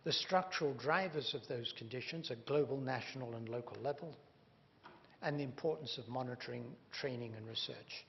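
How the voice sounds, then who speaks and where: A man's voice: mid-range voice, normal speed, gravelly. A man giving a public lecture, emphatic and wry, leaning hard on key words. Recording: dull reverberant hall recording with faint hum.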